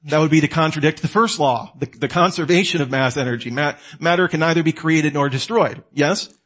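Male teacher, slightly high voice, conversational lecture, animated, talks straight to the listener with questions he answers himself. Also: fairly quick. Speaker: apologetics teacher.

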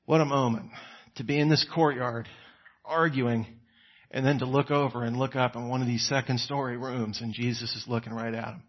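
A man preaching a conversational sermon, acting out quoted lines with sudden rises in pitch and volume. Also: steady tone, moderate pace, highs cut off.

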